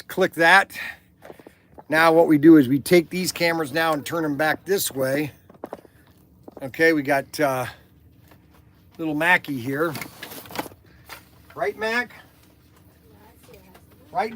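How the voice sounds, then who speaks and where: An older man hosting a live toy shop show, pitching products with pushy salesman hype and repeating himself as he talks. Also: fairly bright tone, slight background noise.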